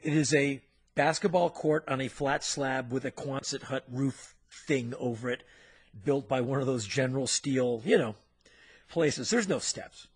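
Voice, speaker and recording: A man co-hosting a podcast, telling a story in an animated, punchy way with sound effects. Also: mid-range voice, unhurried, slightly rough. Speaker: podcast co-host. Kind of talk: storytelling in casual chat.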